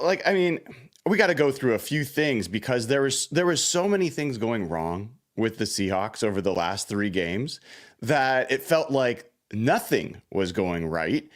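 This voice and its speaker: A man hosting a sports postgame show, talking with big bursts of excitement and shouted cheers. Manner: animated, exclamatory, swings high when thrilled. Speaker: podcast host.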